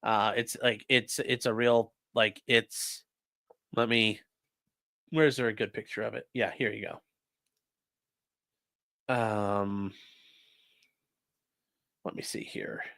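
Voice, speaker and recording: A man's voice: on the low side, flat delivery, slow, creaky, pauses often, fairly bright tone, no room sound. A man live-streaming and reading viewer chat aloud, rambling casually with lots of fillers and swearing.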